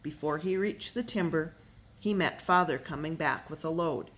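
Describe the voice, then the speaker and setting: An audiobook reader telling a children's novel aloud in steady narration, lifting the voice for the dialogue. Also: mid-range voice, moderate pace.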